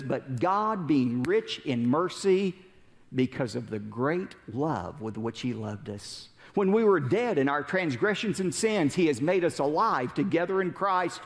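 A man preaching a sermon as an animated storyteller who asks rhetorical questions. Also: high voice, big-room sound. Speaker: pastor.

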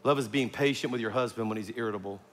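A middle-aged man preaches to a congregation, spinning a family story with jokes and acted-out voices. His voice rings with the long reverb of a large hall. Soft music plays faintly underneath. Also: mid-range voice, racing. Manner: storytelling, humorous asides, acts out quoted voices. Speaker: pastor. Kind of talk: sermon with personal story.

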